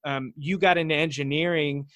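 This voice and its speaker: Male podcast host, relaxed and prompting, slightly raised pitch, dry close mic. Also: normal speed, no room sound, lo-fi sound. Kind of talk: interview chat.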